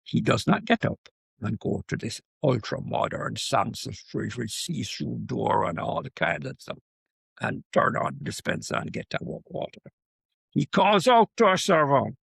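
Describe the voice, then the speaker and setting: An older man from Jamaica talks with a gravelly, husky voice that sits a touch high. He tells stories in an animated way, tossing in quick asides to his listener. The sound is close and dry, with no room around it. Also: no echo. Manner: animated storyteller with repeated asides like "right?". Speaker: guest professor. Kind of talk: conversational interview.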